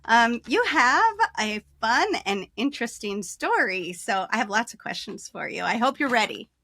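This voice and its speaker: A woman hosting an interview, upbeat and quick to laugh. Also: fairly high pitch, sing-song, sharp tone, dry recording. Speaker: host.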